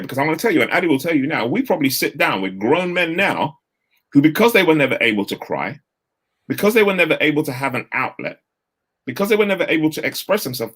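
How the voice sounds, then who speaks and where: A man, giving an energetic, straight-talking motivational talk over a video call. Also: mid-range voice, husky. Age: 50s. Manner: energetic, straight-talking, uses London street slang. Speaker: guest speaker.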